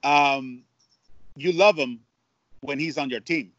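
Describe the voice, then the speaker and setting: Man, broadcaster telling stories in an interview, animated with restarts; dull lo-fi sound. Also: fairly high pitch, slow pace, dry recording. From Mexico. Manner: animated storyteller, many restarts and repeats. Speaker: Spanish-language baseball broadcaster. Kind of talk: casual storytelling interview.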